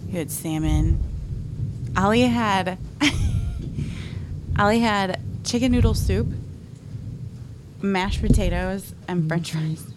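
A woman telling a long casual story in a chatty, animated way with quick asides. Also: mid-range voice, background noise.

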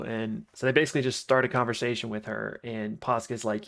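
A man's voice: mid-range voice, fairly even intonation, normal speed, a bit bright. Male podcast host, casual recapper, mid-range voice, easygoing filler-heavy delivery. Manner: loose retelling with many fillers.

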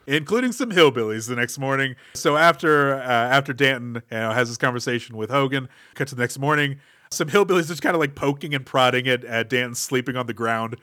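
A man's voice: medium pitch, brisk, sharp tone, no room sound. Man, podcast co-host, sarcastic scene retelling, dry studio sound. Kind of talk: casual comedic movie chat.

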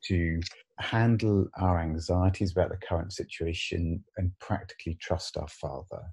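A man's voice: low voice, fairly even intonation, moderate pace, darkish tone, breathy edge. A man hosting a faith conversation who asks questions and answers with short affirmations. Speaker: host. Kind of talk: interview-style faith conversation.

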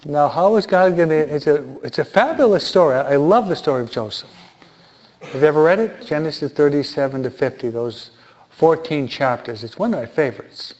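A man's voice: fairly high pitch, brisk, a little mellow. A man giving informal Bible teaching who asks his listeners rhetorical questions and repeats key points for emphasis. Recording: dull lo-fi recording.

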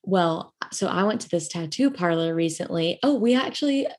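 A woman's voice: lowish voice, lively intonation, moderate pace, darkish tone. A young woman hosting a podcast, telling a personal story in a chatty way with lots of fillers and frequent laughs. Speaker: podcast host. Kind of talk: casual storytelling chat.

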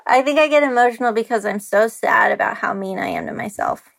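A woman's voice: fairly high pitch, sing-song, moderate pace, creaky, a bit bright. A woman talking candidly as a podcast guest, open and emotional, rambling with restarts and the odd curse. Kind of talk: candid casual chat.

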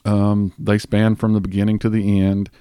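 A man with a Southern US accent hosting a podcast in casual chat, rambling with fillers and restarts and talking a bit fast. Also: lowish voice, monotone, warm tone, clean tone, no room sound, studio quality. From Southern US (Tennessee). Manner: talks a bit fast on mic. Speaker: podcast host.

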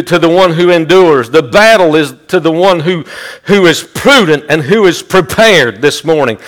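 High-voiced fervent male preacher. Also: a bit bright. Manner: fervent preaching with rhythmic repetition. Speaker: pastor. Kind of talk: sermon.

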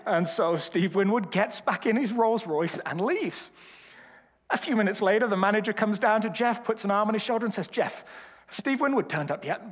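A man's voice: sits high, moderate pace. A man from Birmingham with a Birmingham accent, preaching a sermon with humorous, self-deprecating storytelling. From Birmingham, England. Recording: reverberant hall.

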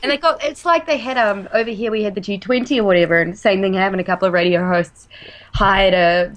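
A woman's voice: medium pitch, a little fast, rough recording. A woman with an Australian accent, chatting as a guest on a loose podcast. She tells her stories freely and laughs easily, in an ordinary mid-range voice. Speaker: guest actress. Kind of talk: casual podcast interview.

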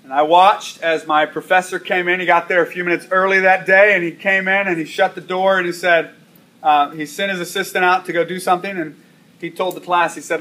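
A man's voice: sits high, steady tone, a little fast, sharp tone. A man preaching a sermon, telling a story and repeating key lines for emphasis. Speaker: pastor.

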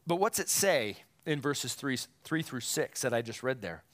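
A man's voice: medium pitch, very animated, normal speed, fairly bright tone. A male pastor preaching a sermon in an earnest, emphatic and self-deprecating way.

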